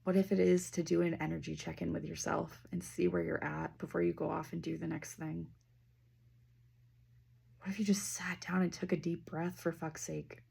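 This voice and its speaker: A woman's low, deep-fried, raspy voice drifts through a relaxed spiritual reading. She rambles casually, drops a swear word here and there, and then slows to a soft near-whisper to lead deep breaths. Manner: loose and chatty, with fillers and casual swearing. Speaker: intuitive reader.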